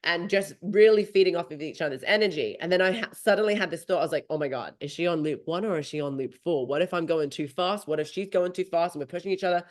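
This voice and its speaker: Animated woman telling a race story. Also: on the low side, fast, hardly any pauses. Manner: animated, swearing freely, acting out her own thoughts. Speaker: podcast host. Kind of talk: casual storytelling chat.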